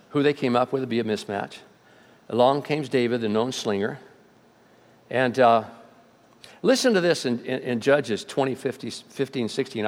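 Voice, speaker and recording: A man preaching a sermon, retelling scripture in an animated way and acting out the voices. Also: medium pitch. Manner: animated storytelling, acts out voices. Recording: long hall reverb.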